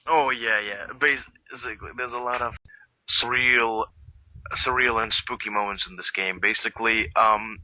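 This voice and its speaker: A man's voice: fairly low pitch, fairly even intonation, a little slow, bright, forceful tone, no echo. A man co-hosting a casual video game review chat, rambling and leaning on filler words. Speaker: co-host. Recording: dull lo-fi home recording.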